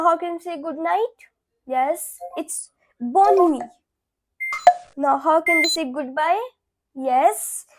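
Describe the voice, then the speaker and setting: A woman's voice: very high voice, noisy background. A young woman from India, teaching a beginner French lesson and repeating each phrase twice.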